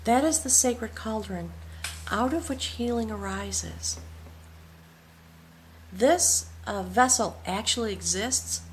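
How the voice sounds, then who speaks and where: A woman giving a spoken tarot reading, talking in an awed, reverent way and sometimes dropping to a soft whisper. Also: fairly high pitch, takes it slowly, pauses often, a little hiss or hum. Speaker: tarot reader.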